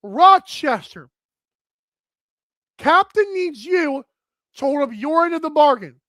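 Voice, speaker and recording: A man hosting a live sports betting talk show, energetic and outspoken as he runs through his picks. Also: extremely high pitch, slow pace, no room sound. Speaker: host.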